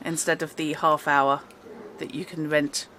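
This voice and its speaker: A woman's voice: low-pitched, little pitch movement, measured pace, bright, forceful tone, slight background noise. A woman running a tabletop game as game master, explaining in a matter-of-fact, wry way.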